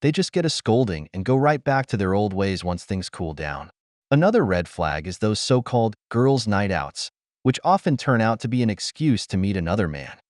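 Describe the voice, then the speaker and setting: A man's voice: lowish voice, sing-song, moderate pace, darkish tone, dry recording, clean studio sound. A man hosting and narrating a scripted voice-over, preaching directly to male viewers. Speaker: host and narrator.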